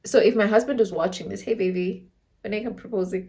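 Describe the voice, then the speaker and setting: A woman's voice: mid-range voice, quick pace. A woman in her twenties from Namibia, casually telling a storytime vlog and acting out the other people's lines, with local slang mixed in. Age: 20s. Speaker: storyteller vlogger.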